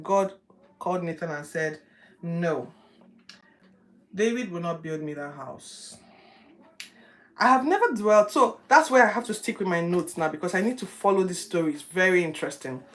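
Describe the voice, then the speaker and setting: A woman hosting a Bible reading, chatting lively with her viewers as she teaches. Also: lowish voice, brisk. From Nigeria. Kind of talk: casual livestream Bible teaching.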